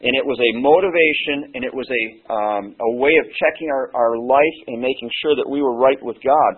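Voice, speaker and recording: A hoarse man preaching a sermon as pastor, earnest and halting, with many "uh" pauses. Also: mid-range voice. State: hoarse, losing his voice. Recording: tinny phone-like sermon recording.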